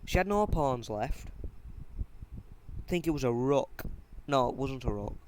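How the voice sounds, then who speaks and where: A man's voice: mid-range voice, lively intonation, darkish tone, slight background noise. Rambling man telling a fan story. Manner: halting and rambling, with many fillers, restarts and casual swearing. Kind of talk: casual unscripted fan-story retelling.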